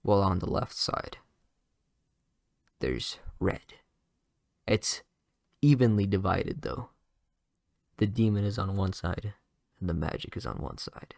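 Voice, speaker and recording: Fan storyteller, male, gravelly lowish voice, dry close sound, loose rambling delivery. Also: expressive, slow, long pauses, a little mellow, no room sound. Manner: rambling, many fillers and restarts. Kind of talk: casual improvised fan story narration.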